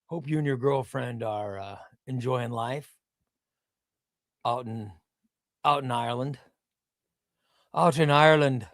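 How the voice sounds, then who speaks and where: A man's voice: mid-range voice, slow, long pauses, fairly bright tone, dry recording, studio quality. A man hosting a casual comics livestream, rambling, repeating words and answering chat. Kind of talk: casual live-stream chat. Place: home room with comic shelves.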